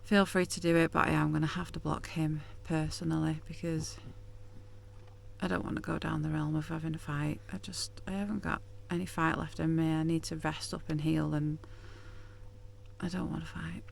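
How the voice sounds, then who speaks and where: A woman chats candidly to her phone camera from inside her van, her voice carrying a strong gravelly fry. Her pitch stays quite level and flat as she confides in her viewers. A faint hiss sits under the recording. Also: normal speed. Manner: candid, confessional, chatty. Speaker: vlogger. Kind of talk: casual vlog to camera.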